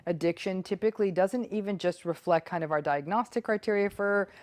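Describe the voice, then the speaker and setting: A woman hosting an educational video, explaining in a measured way. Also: mid-range voice, darkish tone. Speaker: YouTube host on narcissistic abuse. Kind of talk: educational talk to camera.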